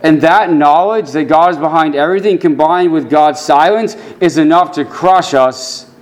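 A man preaching a sermon, earnest, dropping his voice low and soft when he quotes scripture. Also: normal speed. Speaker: pastor.

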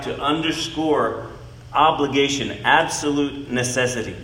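A man giving an expository Bible teaching, speaking in a deliberate, emphatic way and leaning on key words. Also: mid-range voice, a bit bright, echoey room, poor audio.

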